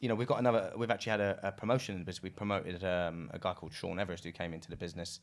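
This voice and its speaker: A British business founder talks at a rapid clip in a low voice. He is loose and chatty, laughs easily and swears now and then. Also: flat delivery. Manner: fast, loose, swears casually, laughs often. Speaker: recruitment business founder, podcast guest. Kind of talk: casual business podcast chat.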